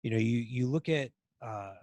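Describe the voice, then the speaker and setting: A man co-hosting a casual political chat, talking in halting stretches full of ums and restarts. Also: mid-range voice, darkish tone, dry recording. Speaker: podcast co-host.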